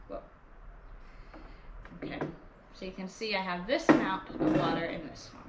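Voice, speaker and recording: A young woman teaching a music lesson to small children in a cheerful, slow and clear way, at home in her kitchen. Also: medium pitch, fairly bright tone. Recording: echoey kitchen with clear background noise.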